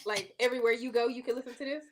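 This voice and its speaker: Animated higher-voiced woman co-host. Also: racing, crowd noise, poor audio. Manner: animated, emphatic, repeats herself. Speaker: podcast co-host. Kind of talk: casual chat.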